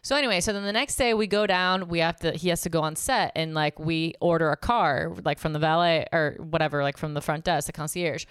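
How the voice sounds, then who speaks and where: A woman co-hosting a podcast, telling a story in casual chat, animated and profane, peppered with "like". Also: sits low, brisk, hardly any pauses, clean tone, no room sound, studio quality. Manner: profane, animated retelling with many "like"s. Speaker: podcast co-host.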